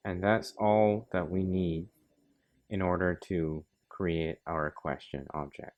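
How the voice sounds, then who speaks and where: A man's voice: low-pitched, fairly even intonation, slow pace, phone-quality sound. A man narrating a coding tutorial, talking methodically through each step. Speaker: programming tutor. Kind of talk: screen-recorded coding tutorial.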